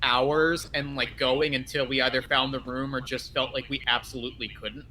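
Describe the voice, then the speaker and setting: A man playing a tabletop role-playing game, quick to chime in with encouraging yeses. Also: medium pitch, flat delivery, bright, forceful tone. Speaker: game guest player. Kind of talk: casual tabletop role-play.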